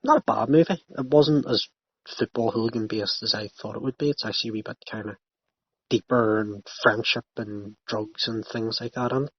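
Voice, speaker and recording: In a dry, slightly muffled lo-fi recording without room sound, a male podcast host talks at a moderate pace in a fairly low voice. He swears and rants while casually joking around with a friend.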